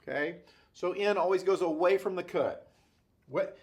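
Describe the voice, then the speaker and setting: A man's voice: high-pitched, normal speed, darkish tone. A male engineering instructor giving a classroom-style lecture at a whiteboard, playful and jokey, checking in with "okay?" and "right?" all the time.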